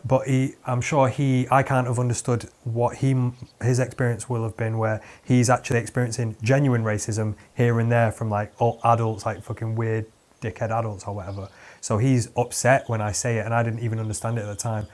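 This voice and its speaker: A man's voice: medium pitch, flat delivery, brisk, darkish tone. A young man hosting a podcast, rambling and joking with lots of fillers and restarts. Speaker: podcast host. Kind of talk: casual podcast chat.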